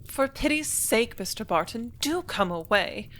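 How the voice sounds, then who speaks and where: An impatient young society woman in an audiobook, pleading and a little fretful. A reader voices her in a slightly raised tone, slower than the narration. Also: medium pitch, lively intonation, a bit bright, voice pushed up.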